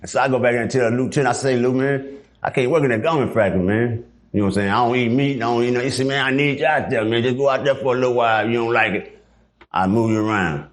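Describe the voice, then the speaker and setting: A middle-aged man telling stories in a casual interview, animated and profane, acting out the voices of the people in them. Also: medium pitch, fast. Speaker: guest.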